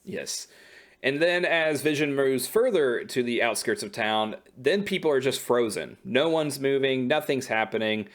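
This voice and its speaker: A man recaps an episode for his podcast co-host, talking at an even middle pitch. He rambles and stops to correct himself. The tone is relaxed and conversational. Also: unhurried. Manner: rambling, self-correcting storyteller.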